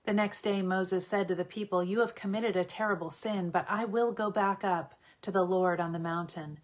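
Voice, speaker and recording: A woman reading a scripture passage aloud in a steady, measured way, lightly voicing the quoted speech. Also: mid-range voice. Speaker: Bible reader.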